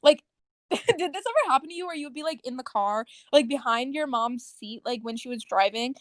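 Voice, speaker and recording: A young woman co-hosting a podcast, animated and giggly, talking with lots of fillers. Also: high-pitched, a little fast, no echo, studio quality. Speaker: podcast co-host. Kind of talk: casual chat.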